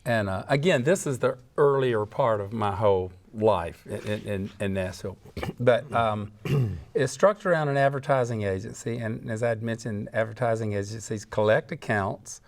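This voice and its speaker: A man, a guest jingle composer, telling lively stories with frequent laughs and acted-out voices. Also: fairly low pitch, normal speed. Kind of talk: animated storytelling.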